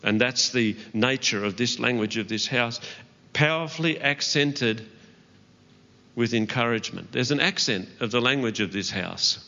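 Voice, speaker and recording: Male pastor, bright earnest sermon voice, long church-hall reverb, slightly dull recording. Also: mid-range voice, normal speed. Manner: earnest, with light laughs and asides to the congregation. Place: church auditorium.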